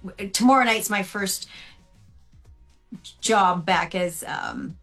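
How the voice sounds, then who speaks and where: A woman tribute performer answering interview questions over a remote call, earnest and halting, with many restarts. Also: mid-range voice, vocal fry, a bit bright, faint music behind.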